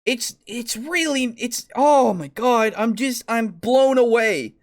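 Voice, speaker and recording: In a casual discussion, a podcast co-host rants with exasperation and frequent swearing while reading comments and quotes aloud. The voice is mid-range and takes things slowly.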